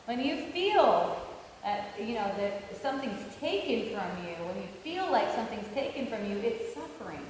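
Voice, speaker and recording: A woman with a fairly high voice gives a loose, rambling spiritual talk, trailing off and restarting her sentences. Her voice rings around a big echoey hall with a long reverb tail. A faint hiss of background noise sits under her. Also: sing-song, moderate pace, darkish tone. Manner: rambling, with frequent fillers and restarts; laughs often between points. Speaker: spiritual teacher. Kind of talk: casual spiritual talk with anecdotes.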